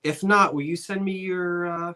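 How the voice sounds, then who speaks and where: A man with a Delaware Valley South Jersey accent hosts a live online sale. His voice sits a bit high, and he talks in a chatty, joking, rambling patter. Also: steady tone, moderate pace, sharp tone, smooth. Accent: Delaware Valley (South Jersey/Philadelphia). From South Jersey, USA.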